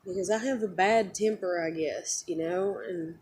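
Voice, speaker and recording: Low-voiced tired woman ranting in a vlog. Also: normal speed, a little mellow, slight background noise. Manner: rambling, upset, swearing freely, many fillers. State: just woke up, tired and near tears. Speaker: vlogger. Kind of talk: rambling personal vlog rant.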